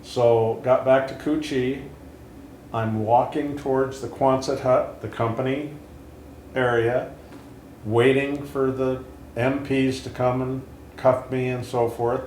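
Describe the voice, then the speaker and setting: A man in his seventies, hosting an interview and telling his own story in an earnest, halting way with frequent restarts. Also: medium pitch, little pitch movement, a little mellow. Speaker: interview host and Vietnam veteran. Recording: roomy with faint hiss.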